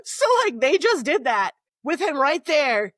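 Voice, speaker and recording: A woman's voice: high voice, a little slow, dry recording, clean studio sound. A young woman co-hosting a podcast, recapping a novel in casual chat and acting out the characters' lines with laughs. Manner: animated storytelling, acts out quotes with laughs. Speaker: podcast co-host.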